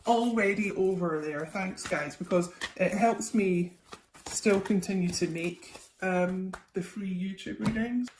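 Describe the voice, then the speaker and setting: A woman's voice: mid-range voice, a little slow, a little mellow. Young woman, tarot reader, rambling casual chat, roomy echo, faint hiss. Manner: chatty, rambling, frequent ums and okays. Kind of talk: casual psychic tarot reading to camera. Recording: echoey room, faint noise.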